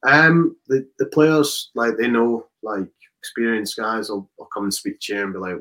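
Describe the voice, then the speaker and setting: Low-voiced man chatting casually, lots of fillers. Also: normal speed, fairly bright tone, poor audio. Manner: casual, rambling with many fillers and restarts. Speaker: rugby player guest. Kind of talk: casual interview chat.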